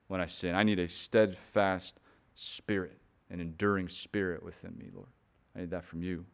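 A man's voice: deep voice, steady tone, normal speed. A man preaching a sermon in an earnest, emphatic way, pressing key points harder and often repeating words as he builds them.

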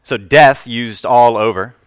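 A man preaching a sermon to a congregation, swinging between loud declarations and hushed asides, telling stories with humor. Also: mid-range voice, measured pace, clean tone, dry recording. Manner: storytelling with humor. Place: church.

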